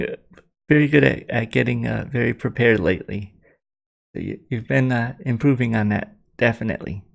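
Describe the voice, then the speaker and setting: Man, livestream host, very gravelly voice, casual rambling chat, lots of ums and restarts. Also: medium pitch, a little fast. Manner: rambling, apologetic, many fillers and restarts.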